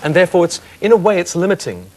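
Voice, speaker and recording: A man in his fifties, a singer guest on a chat show, reflecting candidly on his career in a thoughtful, soft-spoken way. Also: high voice, very animated, rapid-fire.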